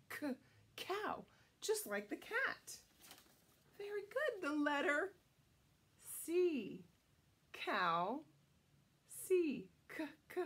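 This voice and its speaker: A woman reading a picture book aloud to young children, playful and teacherly, sounding out letters slowly and asking questions. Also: high voice, a bit bright. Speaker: children's storytime reader.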